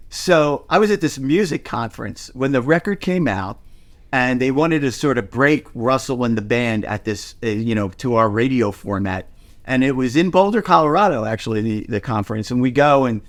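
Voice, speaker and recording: A middle-aged man co-hosting a music podcast, telling a story in casual chat, swearing freely and poking fun at himself. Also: medium pitch. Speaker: podcast co-host.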